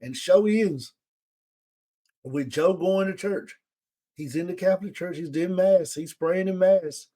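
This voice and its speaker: Taking his time, a high-pitched podcast host gives a casual, animated recap of a TV episode, performing the characters' lines as he goes along.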